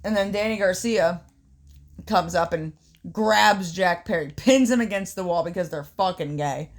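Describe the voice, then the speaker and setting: A woman co-hosting a casual podcast, swearing constantly as she tells a story in an animated way. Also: fairly low pitch, normal speed. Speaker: podcast co-host. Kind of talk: casual chat recapping wrestling.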